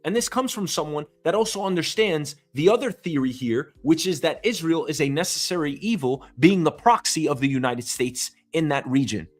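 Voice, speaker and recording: A man's voice: a little high, normal speed, few pauses. A man hosting his own show from home, delivering an angry, profane, emphatic rant. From New York City. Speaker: host. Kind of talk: ranting commentary.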